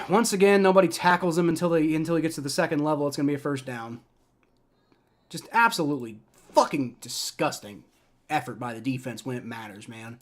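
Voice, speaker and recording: Young guy fan ranting on a live game stream, kinda high voice, swears a lot. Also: fairly quick. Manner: frustrated, swearing, excitable fan rants. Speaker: livestream reaction host. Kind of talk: live play-by-play reaction.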